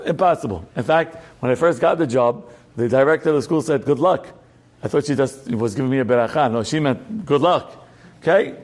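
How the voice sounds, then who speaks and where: A middle-aged rabbi teaches a Torah class through a personal story. His voice sits a little high for a man, and he swings between loud, emphatic high points and quiet, low asides.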